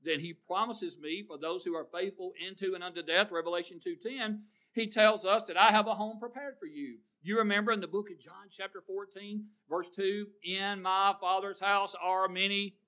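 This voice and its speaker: Preacher guy, middle-aged, high bright voice, chatty and folksy, keeps asking the crowd stuff. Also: steady tone, normal speed. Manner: folksy storytelling, asks the congregation questions. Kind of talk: sermon.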